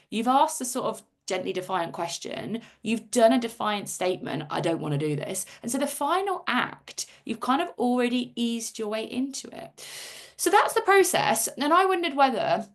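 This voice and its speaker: A middle-aged woman hosting a live video-call workshop, chatty and self-interrupting, often reading out comments from the chat. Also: medium pitch. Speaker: workshop host.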